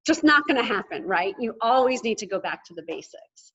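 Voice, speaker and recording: A woman giving an energetic motivational talk to a live audience, emphatic and often checking in with "okay?". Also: on the high side, fairly quick, breathy edge, highs cut off. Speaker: motivational speaker at a sales event.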